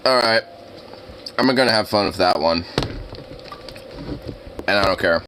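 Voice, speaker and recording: A livestreamer chatting casually on a live reaction stream, voice turning hoarse and raspy, excitable and swearing, squealing high when gushing. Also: measured pace, slight background noise, poor audio.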